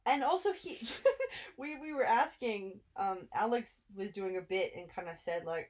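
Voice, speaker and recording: A woman's voice: medium pitch, lively intonation, a little slow. A woman co-hosting a podcast, chatting casually with dry asides and easy laughter. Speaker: podcast co-host. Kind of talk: casual chat.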